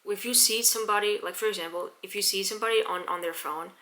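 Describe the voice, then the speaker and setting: A young woman telling a story in a casual vlog, chatty, with quick restarts and repeated words. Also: mid-range voice, bright, forceful tone. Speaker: vlogger.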